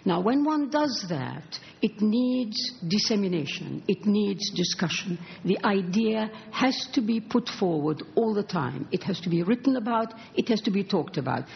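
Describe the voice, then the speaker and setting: A woman speaking as a panel speaker, answering in an earnest, halting way with fillers. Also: medium pitch, lively intonation, gravelly. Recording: dull lo-fi recording with faint noise.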